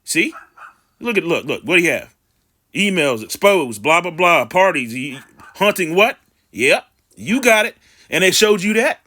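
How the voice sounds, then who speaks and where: A man giving casual scripture commentary, rambling with restarts and blunt profanity, and reading verses slowly and emphatically. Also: sits high, sing-song, pushed and bright.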